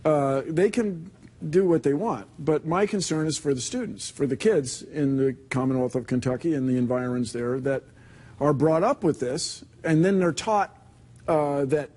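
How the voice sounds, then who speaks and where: A man being interviewed as a scientist, explaining in an animated, earnest way. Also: medium pitch, moderate pace. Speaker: scientist guest. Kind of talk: casual interview.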